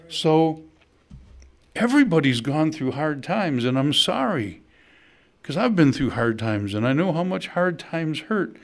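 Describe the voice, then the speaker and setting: A man's voice: a little high, sing-song, a little slow. Storytelling man preaching a sermon. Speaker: pastor.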